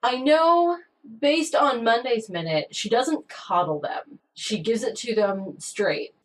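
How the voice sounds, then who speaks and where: A woman's voice: fairly high pitch, lively intonation, slow, a little hiss or hum, rough recording. Female guest on a film podcast, curious, asks lots of questions. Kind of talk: casual film discussion podcast.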